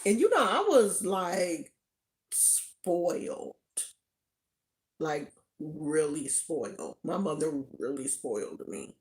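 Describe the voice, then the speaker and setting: A woman from California telling a personal story in a casual, animated way, often laughing. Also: medium pitch, slow pace. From Oakland, California. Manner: animated, laughs often, acts out quoted voices.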